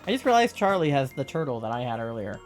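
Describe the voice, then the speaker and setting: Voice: medium pitch, very animated, fast talker, soft background music. Chatty streamer with mild Southern accent. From Southern United States. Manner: chatty, loose and swearing, often laughing. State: sore throat. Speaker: live streamer. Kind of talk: casual live-stream chat while gaming.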